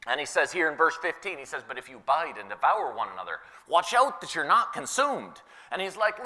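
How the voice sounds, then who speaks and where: A man preaching a sermon as pastor, conversational and animated, paraphrasing scripture and repeating key words for emphasis. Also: on the high side, fairly quick, hardly any pauses, in a large hall. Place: church sanctuary.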